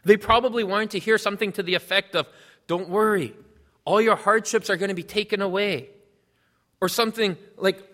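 Male pastor, earnest teaching sermon, higher voice, reverberant hall sound. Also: a little fast, pushed and bright. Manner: earnest, explanatory, reads scripture aloud.

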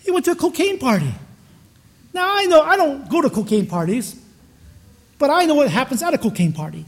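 A male pastor with a very high voice preaches in a very animated, fairly quick manner. The sermon is conversational and story-driven, chatty in tone, with his sentences often restarted.

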